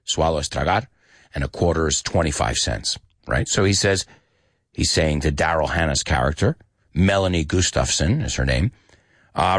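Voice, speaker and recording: A man teaching English with movie scenes, acting out lines in a lively voice and adding short glosses. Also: moderate pace, dry recording, studio quality. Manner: lively, acts out quoted lines in higher pitch, mixes in Spanish glosses.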